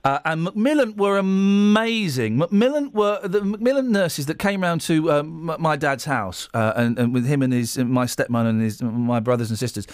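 A man's voice: a little high, moderate pace, hardly any pauses, smooth, dry recording, clean studio sound. A man hosting a radio show in a casual, rambling, emotional way. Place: radio studio.

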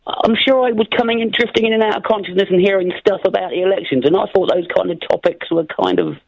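A man's voice: high-pitched, steady tone, fast talker, vocal fry, no room sound. A male caller on a radio phone-in who speaks in stiff, formal, wordy phrases. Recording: dull phone-line sound.

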